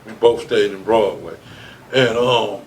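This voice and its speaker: A man's voice: fairly low pitch, measured pace, a little hiss or hum. A man telling a long story as an interview guest, cursing freely and acting out the quotes. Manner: animated storyteller, swears freely, acts out quotes.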